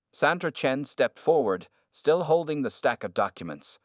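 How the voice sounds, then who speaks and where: A man narrating a scripted story in a steady, even delivery. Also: mid-range voice, normal speed, hardly any pauses, dry recording, studio quality.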